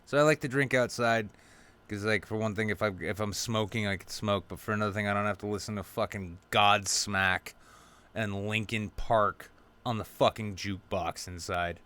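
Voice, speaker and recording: A man's voice: on the low side, fairly even intonation, moderate pace, bright, forceful tone, smooth. Profane rambling New man. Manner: profane, rambling anecdotes with quoted dialogue. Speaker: podcast host. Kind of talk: casual storytelling chat.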